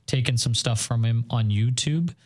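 Podcast co-host, a man from Northern Ireland, mid-pitched voice, casual and enthusiastic, rambles with ums. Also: normal speed. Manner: chatty, enthusiastic, rambling with fillers. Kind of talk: casual chat.

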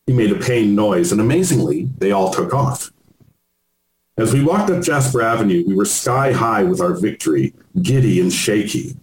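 A man, an author, reading aloud from his own memoir in a measured storytelling manner. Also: fairly low pitch, a little mellow. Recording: roomy with faint noise.

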